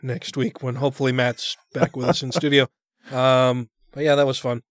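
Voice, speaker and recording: A man's voice: medium pitch, flat delivery, fairly quick, no echo. Blunt sweary man, dry close sound. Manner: blunt, sarcastic, swears often, laughs a lot. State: has the hiccups. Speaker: podcast co-host. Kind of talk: casual profane banter.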